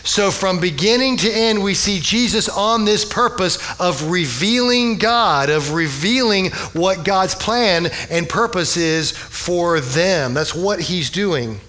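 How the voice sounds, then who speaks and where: A man's voice: high-pitched, lively intonation, slow pace, hardly any pauses, pushed and bright. A man preaching a conversational sermon, retelling scripture with humorous asides and rhetorical questions. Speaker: pastor.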